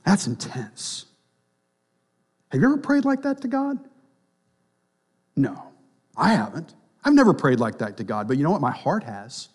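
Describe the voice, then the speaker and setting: A man delivering a sermon in a somewhat high voice. He drops to hushed, almost whispered lines, then builds to loud, emphatic passages. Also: sing-song, normal speed, long pauses, husky. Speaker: preacher.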